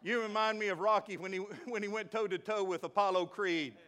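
Southern pastor guy, high voice, goes from soft joking asides to hollering praise. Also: steady tone, fairly quick. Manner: swings from quiet asides to shouted joyful praise. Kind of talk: sermon.

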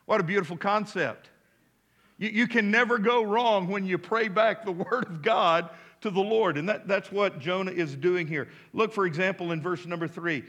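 A male pastor preaches in a high, ringing, sharply bright voice. He drives his points home with emphasis, calling out for responses from the congregation and dropping in relaxed, conversational asides. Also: moderate pace, highs cut off. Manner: casual asides amid preaching. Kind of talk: sermon. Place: church.

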